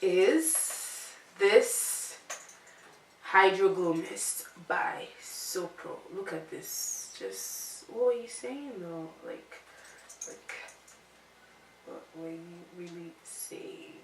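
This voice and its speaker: A woman's voice: on the low side, lively intonation, drawn-out words. Chatty woman, distant and echoey. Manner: chatty and playful, with many fillers. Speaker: beauty vlogger. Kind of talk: casual makeup vlog chat. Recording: roomy echo, distant from mic, clear background noise.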